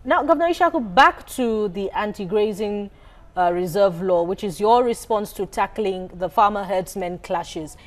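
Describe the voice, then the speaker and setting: A woman interviewing a governor on a TV news program, laying out the background in a measured way before asking her question. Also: mid-range voice, lively intonation.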